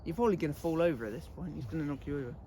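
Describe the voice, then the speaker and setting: A vlogger talks very fast in a slightly high, mellow voice, with some hiss or hum audible. He's out in a goat pen chatting casually to camera, laughing a lot and telling off his animals.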